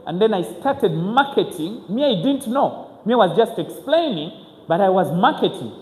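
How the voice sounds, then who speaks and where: A man, telling his own story to an audience as a motivational speaker, earnest and halting, with frequent restarts. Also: high-pitched, sing-song, a little mellow. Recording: echoey hall with faint ambience.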